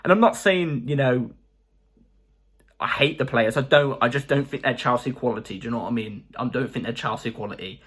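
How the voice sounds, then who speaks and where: A man talking in a casual, chatty fan vlog as the channel host, excitable and full of fillers. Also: mid-range voice, a little fast, slightly rough.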